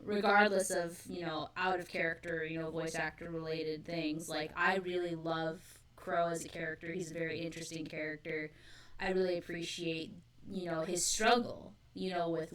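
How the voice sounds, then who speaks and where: Enthusiastic woman, low and distant. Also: a bit bright. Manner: enthusiastic, many fillers. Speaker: podcast co-host. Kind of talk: casual fan discussion.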